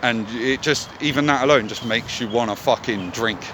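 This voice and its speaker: A man's voice: mid-range voice, normal speed, fairly bright tone, a little hiss or hum. A man vlogging in a candid, casual monologue, swearing often as he talks.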